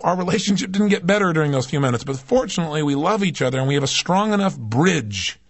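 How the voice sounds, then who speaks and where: A male self-help speaker with a husky, breathy edge, talking in a fairly high register. He swings between quiet, confiding asides and forceful, rising emphasis as he teaches. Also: animated, fast, no room sound. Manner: emphatic, swings between low intimate asides and raised intensity. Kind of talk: recorded motivational lecture.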